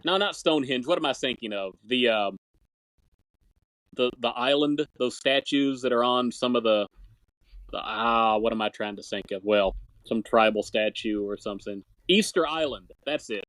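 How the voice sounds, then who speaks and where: A man's voice: medium pitch, moderate pace, a bit bright, no room sound, poor audio. A man co-hosting a podcast, chatting casually about an old film serial, rambling and searching aloud for words. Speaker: podcast co-host. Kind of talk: casual chat.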